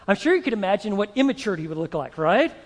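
Brief male pastor, high voice, lively storytelling sermon, reverberant hall. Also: rapid-fire. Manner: animated storytelling, acting out voices.

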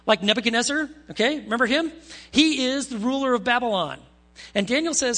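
A male pastor preaching a sermon, retelling stories with animated, conversational asides to the congregation. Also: very high voice, fast, soft background music.

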